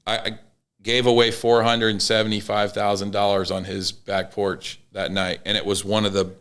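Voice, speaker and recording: Male podcast guest, low smooth voice, emotional storyteller, frequent restarts. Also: level tone, moderate pace, a bit bright. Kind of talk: casual conversation.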